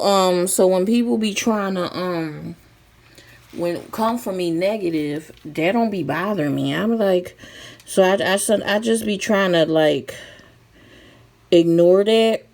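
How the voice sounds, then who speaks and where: Slow gravelly-voiced woman telling a story. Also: a little mellow. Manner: rambling, many restarts and fillers, acts out quotes in a higher voice. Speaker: vlogger. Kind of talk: casual storytelling monologue.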